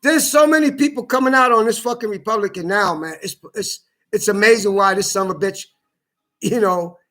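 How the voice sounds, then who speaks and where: A man's voice: sits high, fairly quick, pushed and bright. A man delivering a heated, profane monologue full of stumbling restarts, as a social media commentator. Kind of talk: ranting monologue.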